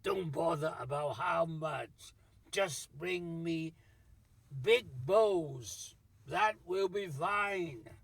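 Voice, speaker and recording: A man voicing a big, rowdy male monk who craves wine and talks loud, blunt and demanding. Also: fairly high pitch, very slow, gravelly, slightly rough, dry recording, recorded from a distance, exaggerated voice.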